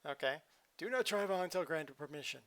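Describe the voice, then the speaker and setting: A man's voice: a little high, a little fast, a bit bright. A man hosting a live game stream, chatting casually and joking around as he plays. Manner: playful, jokey, chatty. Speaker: livestream host.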